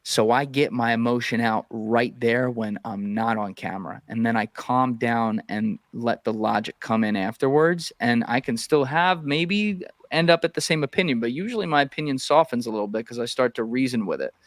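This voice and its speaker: A man in a loose podcast chat, mid-pitched and plain-spoken, who swears freely and gets worked up as he argues. He sits close to the mic, and the sound is dry with no room echo. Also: moderate pace, few pauses. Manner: blunt, profane, animated opinions. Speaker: podcast guest. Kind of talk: casual podcast conversation.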